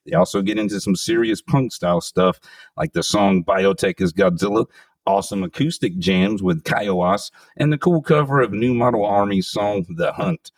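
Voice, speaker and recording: A man's voice: fairly low pitch, animated, normal speed, no room sound, far from the mic. A man hosting a metal podcast, reading enthusiastic album reviews and chatting with profane emphasis. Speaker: podcast host. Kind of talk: casual podcast chat with read reviews.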